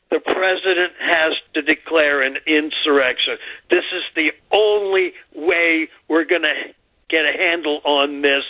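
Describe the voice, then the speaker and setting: Slow angry male caller on a phone line. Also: on the high side, dry recording. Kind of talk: radio call-in.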